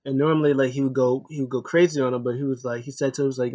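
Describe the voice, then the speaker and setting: A man's voice: medium pitch, steady tone, fast, darkish tone, dull audio. Casual man recapping a wrestling match. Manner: loose, rambling, frequent uh fillers and restarts. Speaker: wrestling show reviewer.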